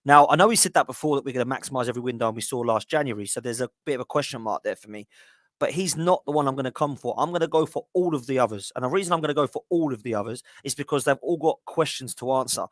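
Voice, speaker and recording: A man's voice: mid-range voice, no room sound, clean studio sound. A man hosting a football podcast, ranting with frustration. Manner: fast, exasperated ranting. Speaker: podcast host. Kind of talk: heated casual podcast chat.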